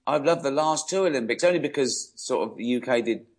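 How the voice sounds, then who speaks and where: A man chatting as a guest on a radio show, dry and self-mocking and quick to laugh. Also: medium pitch. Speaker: guest comedian. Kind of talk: casual radio chat.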